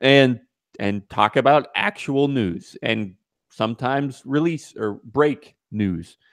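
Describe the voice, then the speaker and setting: A man hosting a casual podcast, animated and laughing, with mock exasperation. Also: mid-range voice, takes it slowly, dry recording, clean studio sound. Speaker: podcast host.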